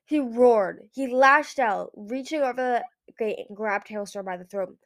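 A woman's voice: on the high side, moderate pace. Woman reading a novel aloud. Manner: plain narration with occasional self-corrections. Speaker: audiobook reader.

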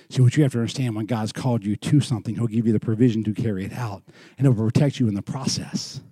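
A middle-aged man preaching a sermon in a church, moving from loud, lively storytelling to quiet, earnest lows. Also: fast talker, husky, no room sound, studio quality. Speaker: pastor.

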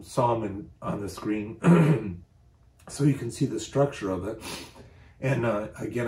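Earnest low-voiced male preacher. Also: vocal fry, warm tone, echoey room. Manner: earnest, emphatic when quoting scripture. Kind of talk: sermon.

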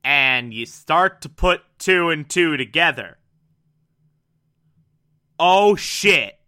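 A man's voice: a little high, expressive, very slow, pushed and bright. A man giving an enthusiastic, casual recap and review of a TV episode, with sudden asides and the odd swear.

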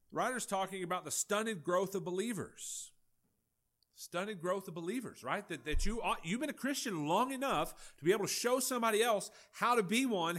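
Folksy pastor, high voice. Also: male voice. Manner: folksy, animated preaching with acted-out dialogue. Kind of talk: sermon.

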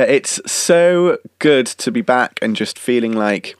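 A man's voice: fairly low pitch, big pitch swings, unhurried, few pauses, smooth, no echo, clean studio sound. A young man with a slight cough, hosting a podcast in a rambling, chatty way. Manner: rambling, self-correcting, chatty. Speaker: podcast host and singer-songwriter. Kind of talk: casual chatty monologue.

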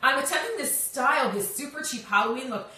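Bubbly high-voiced woman live-stream host. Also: lively intonation, a little fast, pushed and bright, recorded from a distance, slight background noise. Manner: bubbly, sing-song, greets viewers by name. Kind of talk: casual live-stream chat with viewers. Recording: echoey room, voice off-mic.

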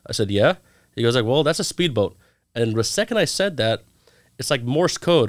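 A man's voice: medium pitch, a little fast, dry recording. A man in his thirties, a guest in a casual interview, telling stories with energy and acting out the lines of the people in them. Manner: animated storyteller acting out quoted dialogue.

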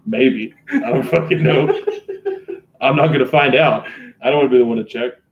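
A man's voice: a little high, creaky, a little hiss or hum. A man on a casual podcast, tossing out short, crude, teasing remarks. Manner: short teasing interjections, laughs along. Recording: slightly dull lo-fi mic.

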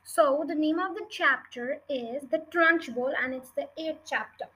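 A woman's voice: sits high, measured pace, sharp tone, poor audio. A young woman reading a children's novel aloud for her podcast, casual, with small slips and restarts. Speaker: reader of a book podcast.

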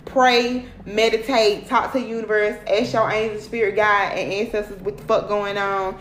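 A woman's voice: medium pitch, level tone, normal speed, fairly bright tone, a little hiss or hum. Blunt, profane woman in an echoey room. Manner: profane, blunt and preachy, heavy swearing and repeated "okay?" and "period". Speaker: tarot reader addressing her followers. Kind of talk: casual spiritual tarot reading.

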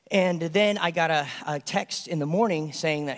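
A high-voiced man preaches to his congregation, telling stories and acting out the voices of the people in them. His voice rings out in a hall with a long reverb trail. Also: fairly quick, few pauses. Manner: animated storytelling, acts out voices of kids and friends. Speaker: pastor. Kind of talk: sermon.

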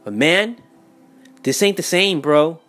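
Young male vlogger, heated rant, higher-pitched voice, soft music underneath. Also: slow pace. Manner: heated, profane, repeats himself, swings loud and quiet. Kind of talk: profane casual rant. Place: home in Miami.

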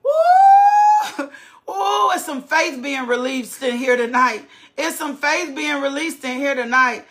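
Woman preacher, high voice, repeats lines over and over and builds them up, fired-up church sermon. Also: measured pace, very noisy. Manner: repetitive, building cadence with exclamations. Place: church service.

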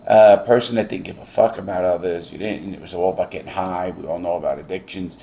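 A man's voice: low-pitched, steady tone, fast, vocal fry, warm tone, a little hiss or hum. A middle-aged man interviewing a guest, blunt and emphatic, swearing freely. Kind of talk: casual interview.

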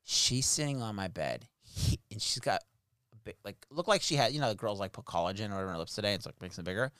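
A man's voice: lowish voice, big pitch swings, fast, fairly bright tone, smooth, dry recording, clean studio sound. A man hosting a podcast, telling a story in casual chat, swearing and laughing as he goes. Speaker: podcast host.

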